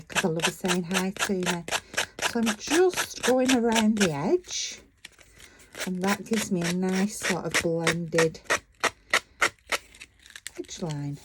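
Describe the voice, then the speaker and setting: In a very noisy recording, a middle-aged woman with a Lancashire accent from northern England talks in a low voice while working through a crafting tutorial. The craft vlogger is chatty and keeps breaking off her own sentences.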